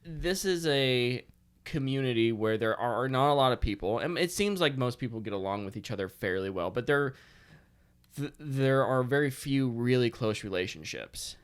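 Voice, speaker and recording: A man's voice: medium pitch, lively intonation, moderate pace, clear, resonant tone. A man guesting on a podcast, chatting casually in an earnest, rambling way and laughing easily. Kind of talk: casual chat.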